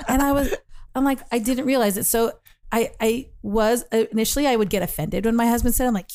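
A woman's voice: fairly high pitch, a little fast, darkish tone. Candid middle-aged woman co-host. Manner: candid, storytelling, self-deprecating. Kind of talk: casual chat.

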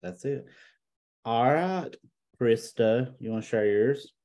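A man co-hosting a library podcast, reacting and asking questions in a low-key way. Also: lively intonation, slow, dark tone. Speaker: co-host, primary school librarian. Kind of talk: casual chat.

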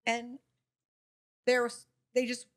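A woman's voice: fairly high pitch, takes it slowly. Chatty middle-aged woman hosting. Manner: chatty, animated storyteller acting out quoted friends. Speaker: podcast host. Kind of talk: casual chat.

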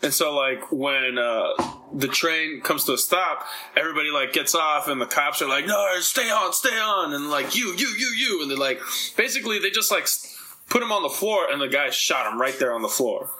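Talking briskly in a voice that leans high, this young podcast host tells casual stories, performing the quotes himself and cursing often. The recording is rough.

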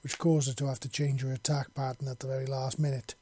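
A man narrating a science fiction story in a steady, even reading style. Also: medium pitch, fast, slightly rough, dry recording. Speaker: audiobook reader.

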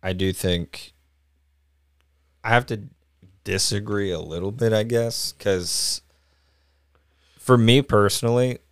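Low, smooth-voiced young man, blunt. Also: steady tone, slow, pauses often, no room sound, clean studio sound. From grew up white in a Hispanic neighborhood in the United States. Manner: blunt, joking, swears freely. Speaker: guest. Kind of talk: casual podcast chat.

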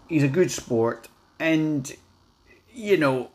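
A man's voice: on the high side, sing-song, takes it slowly, a little mellow. A Scottish man giving a blunt, outspoken review in a casual vlog, swearing and stumbling over his words as he talks.

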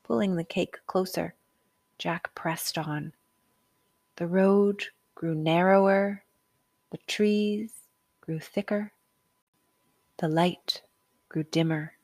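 A woman narrating a children's storybook aloud, expressive and unhurried. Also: on the low side, dry recording.

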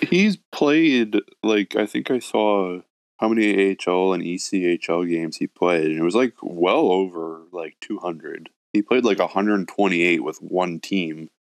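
A very low-voiced man chatting on a hockey podcast. He exclaims often and swears mildly, and the recording is dry and close with no room sound. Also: a little slow, dry recording. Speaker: podcast co-host. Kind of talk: casual hockey chat.

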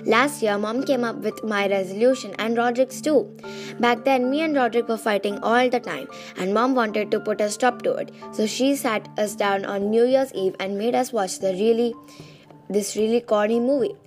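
A woman's voice: fairly high pitch, normal speed, soft background music. A young woman who has lost her voice reads a children's diary book aloud in a casual, chatty way, with small restarts. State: losing her voice. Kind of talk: casual storybook reading.

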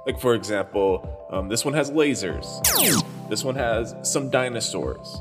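A man's voice: medium pitch, measured pace. A man recording a rambling, self-deprecating disclaimer for his podcast. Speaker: podcast host. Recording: roomy reverb with loud music behind. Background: guitar music.

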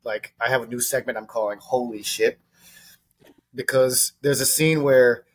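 A man hosting a casual podcast, retelling a film scene in quick, emphatic bursts. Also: medium pitch, fairly even intonation, husky.

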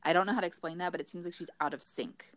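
A woman's voice: very fast, dry recording. A young woman casually retelling a TV episode, full of "like" and acting out the characters' lines. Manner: animated, acts out characters' lines in raised pitch; frequent fillers like "like".

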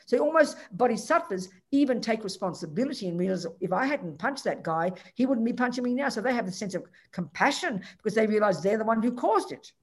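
A woman's voice: a little high, expressive, fairly quick, hardly any pauses, breathy edge. A woman teaching Buddhist ideas, answering a student directly and emphatically, acting out quoted lines.

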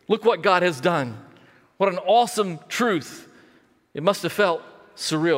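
Male pastor, sermon, high voice, in a long-reverb church hall. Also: lively intonation, measured pace, pauses often, fairly bright tone. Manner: builds to impassioned, higher-pitched delivery when retelling. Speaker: preacher.

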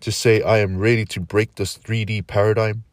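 A man's voice: on the low side, little pitch movement, normal speed, dry recording, studio quality. A middle-aged man delivering a reflective spoken-word monologue, earnest and declamatory, slipping in casual slang asides.

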